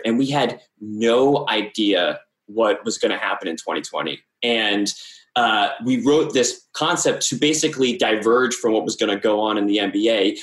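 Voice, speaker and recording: A man who co-creates an animated series, explaining things steadily in casual chat. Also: lowish voice, echoey room, low-quality recording.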